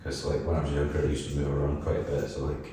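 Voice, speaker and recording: Very deep-voiced man with an Edinburgh accent. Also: completely flat delivery, very fast, dark tone, slight background noise. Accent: Edinburgh Scottish. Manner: rambling, self-deprecating, laughs often. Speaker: band vocalist guest. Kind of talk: casual podcast chat. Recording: roomy echo, mic at a distance.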